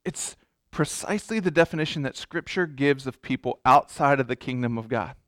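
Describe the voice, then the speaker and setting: A man's voice: medium pitch, a little fast, fairly bright tone, no echo, clean studio sound. A man preaching a sermon as pastor, emphatic, repeating words and restarting his sentences.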